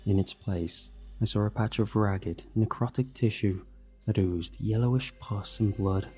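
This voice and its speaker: Low mellow guy reading a scary story, faint music under him. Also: measured pace, breathy edge. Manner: steady dramatic storytelling. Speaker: horror story narrator. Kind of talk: scripted narration.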